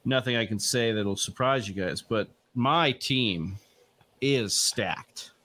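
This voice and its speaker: A man's voice: mid-range voice, takes it slowly, sharp tone. A man co-hosting a podcast jokes around with friends in casual banter, stretching his words out. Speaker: podcast co-host.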